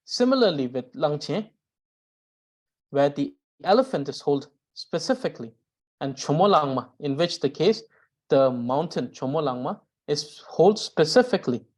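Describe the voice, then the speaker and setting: Low-voiced woman explaining grammar. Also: lively intonation, moderate pace, a little mellow. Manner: careful, repeats and rephrases points, frequent "uh". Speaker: Tibetan grammar teacher.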